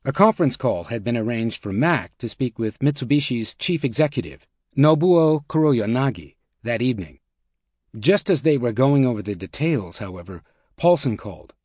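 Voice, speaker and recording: A man reading nonfiction narration as an audiobook narrator, in a measured, even way. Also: mid-range voice, no room sound, clean studio sound.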